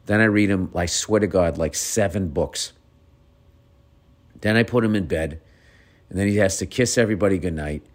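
A man's voice: deep voice, moderate pace, pauses often. A middle-aged man telling family stories in a rambling, profane, casual way, often breaking off mid-sentence. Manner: rambling, profane, self-interrupting. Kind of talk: casual storytelling.

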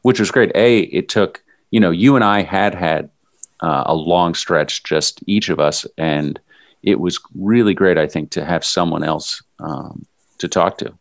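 A man with a very deep voice recounts a long run in relaxed conversation. He tells it as an animated story and sometimes jumps up into loud mimicry. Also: a little slow, gravelly. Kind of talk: casual chat recounting a run.

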